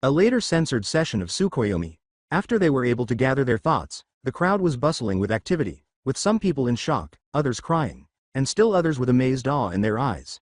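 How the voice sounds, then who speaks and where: A man narrating a fan-written story in a steady, scripted read. His pitch moves a lot from line to line. The sound is dry, with no room echo. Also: a little fast.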